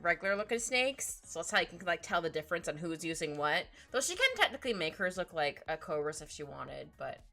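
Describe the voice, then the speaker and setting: A woman streaming her drawing session, chatting casually in a rambling, excitable way with frequent laughter. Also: fairly low pitch, a little fast, hardly any pauses. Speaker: art streamer. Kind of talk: casual chat while drawing live. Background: faint background music.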